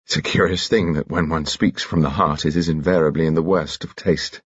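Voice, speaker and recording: A man narrating a detective novel in a measured, crisp reading. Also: extremely low pitch, steady tone, no room sound, highs cut off. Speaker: audiobook narrator. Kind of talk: scripted narration.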